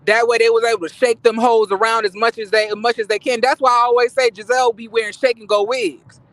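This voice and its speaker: A man with a very high voice dishes sassy, profane gossip about reality TV. He rambles, restarts his sentences and throws shade, and the sound is close and dry. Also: level tone, quick pace, fairly bright tone, no echo. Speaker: reality TV commentator. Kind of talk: casual gossip commentary.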